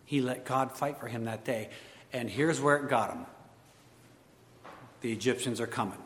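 A man preaching a sermon, animated, swinging between loud emphatic lines and hushed asides. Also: mid-range voice, normal speed, long pauses. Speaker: pastor. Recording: long hall reverb.

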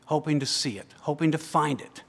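Preaching man with a higher voice. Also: vocal fry, in a large hall. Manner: swings from hushed, slow reflection to raised, urgent emphasis; repeats phrases in building lists. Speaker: pastor. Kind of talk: sermon.

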